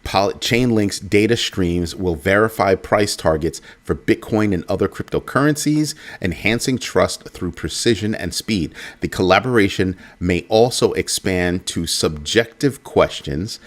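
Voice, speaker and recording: A man hosting a casual crypto commentary show, animated and jokey, repeating his points. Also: low voice, unhurried, few pauses. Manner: animated, repetitive, jokey asides.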